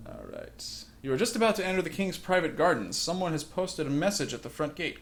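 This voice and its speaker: A man's voice: a little high, wildly swooping pitch, a little fast, a little hiss or hum. Wry man reading a game aloud. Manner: wry, musing. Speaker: let's play host. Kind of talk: reading game text and commenting.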